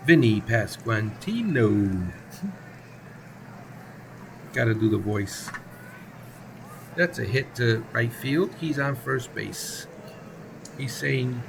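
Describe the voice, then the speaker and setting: A man's voice: mid-range voice, lively intonation, slow pace, vocal fry, long pauses, background noise. A man calling play-by-play for a simulated baseball game on his own, casual and chatty, with asides and self-corrections. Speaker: play-by-play commentator.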